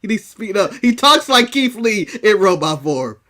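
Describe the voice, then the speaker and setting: High, lively, bright-voiced American man. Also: normal speed. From United States. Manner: animated, joking and opinionated, laughs often. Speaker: co-host of a wrestling podcast. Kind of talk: casual chat.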